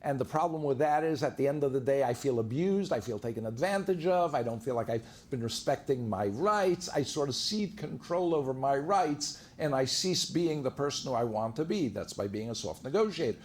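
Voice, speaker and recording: A man's voice: medium pitch, expressive, a little fast, few pauses, a little mellow, a little hiss or hum. A man, a divorce lawyer, giving a seminar to a live audience in a conversational way, full of anecdotes. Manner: conversational, anecdote-driven, acts out quoted dialogue.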